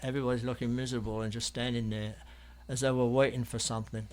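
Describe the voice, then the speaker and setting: A man's voice: mid-range voice, level tone, fast. An English man from London, an artist guest in an interview, telling stories in a rambling, hesitant way with many ums and restarts. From London, England. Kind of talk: anecdotal storytelling in an interview.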